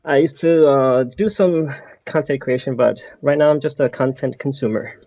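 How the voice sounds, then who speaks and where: A man's voice: medium pitch, normal speed, no room sound. A man from Australia, a guest on a podcast, talking casually in an easygoing, slightly shy way. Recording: slightly dull lo-fi call audio.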